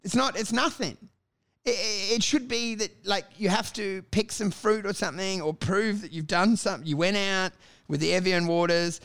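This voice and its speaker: An Australian man talks in loose comedic banter on a podcast. His voice sits high for a man, and he swears freely and launches into loud acted-out bits. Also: normal speed. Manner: animated, swearing, bursts into shouted bits. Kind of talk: casual comedic chat.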